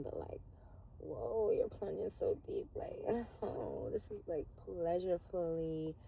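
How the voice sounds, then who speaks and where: Low husky-creaky woman, frank and chatty. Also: dark tone, a little hiss or hum, poor audio. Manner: loose, chatty and frank, laughing, swearing. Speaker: tarot reader. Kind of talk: casual spoken tarot reading.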